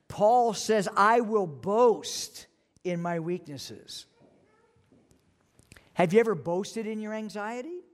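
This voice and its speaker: A pastor preaching an evening sermon, earnest and emphatic, often repeating key phrases. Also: male voice, fairly high pitch. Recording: long reverb of a church hall.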